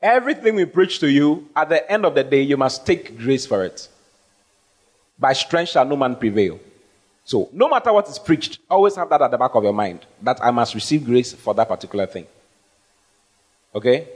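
A man's voice: mid-range voice, very animated, normal speed. A man preaching as pastor, emphatic and call-and-response, often asking the congregation to answer. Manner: emphatic, rising to stressed phrases, asks the congregation questions. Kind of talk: sermon with audience questions.

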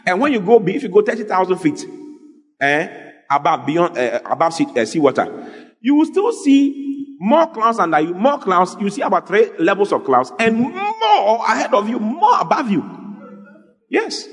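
A man preaching an animated, lively sermon as a pastor, joking with his congregation. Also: sits high, moderate pace. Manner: animated, exclaiming, jokes with the congregation. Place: church hall. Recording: long hall reverb, faint music.

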